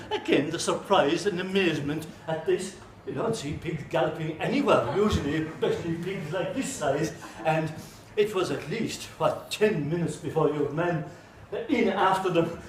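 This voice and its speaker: A man with an Irish accent telling a folk tale live in an animated way, full of comic asides. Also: high voice, normal speed, hardly any pauses, reverberant, background noise. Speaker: storyteller.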